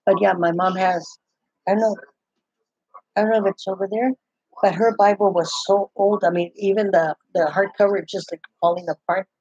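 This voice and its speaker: Older woman, husky, chatty rambler, dry lo-fi recording. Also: mid-range voice, steady tone, normal speed, a little mellow, no room sound. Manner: rambling, full of restarts and "I go". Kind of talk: casual chat. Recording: dull, muffled, lo-fi sound.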